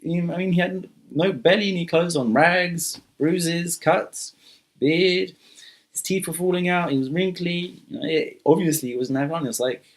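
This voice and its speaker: A man's voice: a little high, normal speed. A man telling an improvised myth casually, rambling with many fillers and restarts. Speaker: storyteller. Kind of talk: improvised spoken storytelling.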